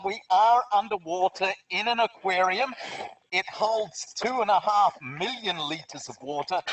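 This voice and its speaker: A man's voice: high-pitched, fairly bright tone. Australian man talking through a dive mask. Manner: cheerful, chatty explainer. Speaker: aquarium dive presenter. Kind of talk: live educational webinar. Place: underwater in a large aquarium tank. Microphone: full face mask microphone. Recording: distant, muffled underwater mask mic.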